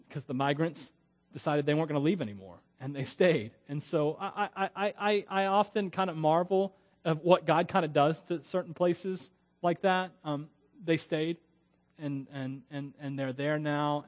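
Man, pastor, from Florida, sermon, conversational, rambling, chuckling, slightly high voice. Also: moderate pace. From Florida, USA. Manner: conversational, digressive, chuckles often.

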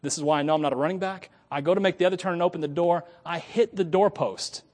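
A middle-aged male pastor preaching a storytelling sermon, moving from hushed asides to loud preaching and laughing at his own tales. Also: on the high side, fast. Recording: long reverb from a large hall.

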